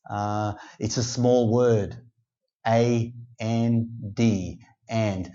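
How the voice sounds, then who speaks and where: Slow, deliberate male English teacher. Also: medium pitch, a little mellow. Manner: slow, deliberate, with many pauses and fillers. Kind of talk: casual spoken lesson. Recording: slightly dull, lo-fi sound.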